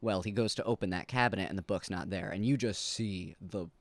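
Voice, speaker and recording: A young man sits in as a podcast guest and chats easily. His voice sits fairly low, and he talks in an agreeable, relaxed way. The recording is close and dry. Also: brisk, dry recording. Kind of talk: casual chat.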